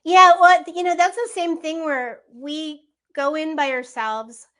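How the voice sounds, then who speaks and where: A woman's voice: high voice, unhurried, a bit bright. A woman in her sixties with a youthful-sounding voice, chatting as a guest in an interview and laughing often. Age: 60s. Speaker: voice actress guest. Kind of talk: casual interview chat.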